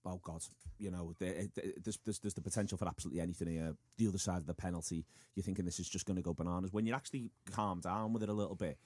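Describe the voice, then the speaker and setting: A man, hosting a football podcast in casual chat, animated and full of restarts. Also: deep voice, no room sound. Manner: fast, animated, with many restarts. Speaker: podcast host.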